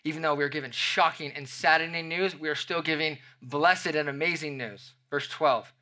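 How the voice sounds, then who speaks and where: A man's voice: fairly high pitch, normal speed, pushed and bright. A young adult man preaching a sermon, reading scripture and acting out everyday scenes as he explains it. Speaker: pastor.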